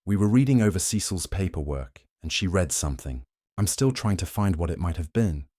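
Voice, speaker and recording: Joking young werewolf guard, voiced by a man, slangy, laid-back, low voice, audiobook. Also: animated, a little fast, mellow, no room sound, studio quality. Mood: casual. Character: cocky young male werewolf guard, jokey.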